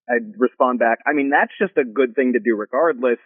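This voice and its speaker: A man's voice: mid-range voice, a little fast, husky, dry recording. Wry male caller on a tinny phone line. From Ohio. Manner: hesitant, wry, with many fillers. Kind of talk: phone call to a show.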